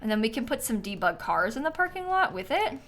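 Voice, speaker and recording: A woman's voice: fairly high pitch, big pitch swings, fairly quick, a bit bright. A woman hosting a livestream, chatting casually and giggling while she plays a game and thanks viewers for donations. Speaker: livestream host. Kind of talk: casual chat while gaming.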